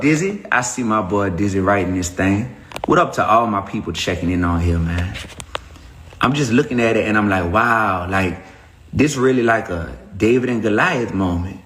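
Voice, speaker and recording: A man hosting a casual livestream, speaking in an animated, preachy way and greeting viewers by name as he goes. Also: lowish voice, roomy sound. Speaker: livestream host.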